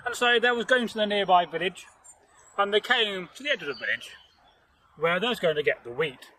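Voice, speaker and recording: A man's voice: high-pitched, animated, brisk, sharp tone, slight background noise, rough recording. A man casually telling a folktale outdoors, rambling and jokey with many "you know" asides. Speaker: storyteller host. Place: outdoors in nature.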